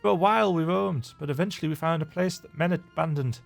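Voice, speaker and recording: A man's voice: a little high, quick pace, gravelly, soft background music, pitched above the performer's own voice. A man voicing a mischievous, fun-loving pixie fairy in a video game, reading its lines aloud in a sing-song, teasing way with an attempted Scottish lilt. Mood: wistful.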